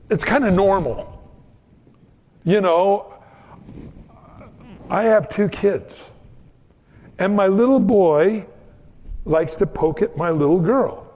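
A man with a fairly high voice preaching at an unhurried pace, as a pastor talking to his flock. He mixes scripture with easy storytelling about family life and briefly acts out the voices in his stories. The sound has a long reverb, like a big church sanctuary. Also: a little mellow. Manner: conversational preaching with homespun stories and quoted voices. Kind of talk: sermon.

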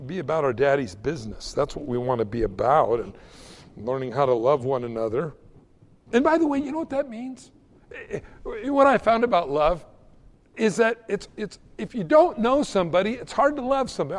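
A man's voice: high voice, sing-song, normal speed. A man preaching a conversational sermon, acting out little everyday exchanges between people. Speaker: pastor.

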